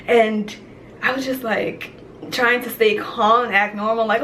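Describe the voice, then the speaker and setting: A woman's voice: medium pitch, unhurried. Young woman, casual storytime vlog, chatty with lots of fillers, faint room noise. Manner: animated, chatty, heavy filler "like". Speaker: vlogger.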